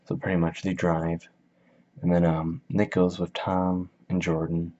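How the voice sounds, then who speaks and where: A man's voice: low voice, little pitch movement, measured pace, warm tone. A man giving a casual book summary in a slangy, rambling, jokey way, in a dull lo-fi recording. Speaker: video host.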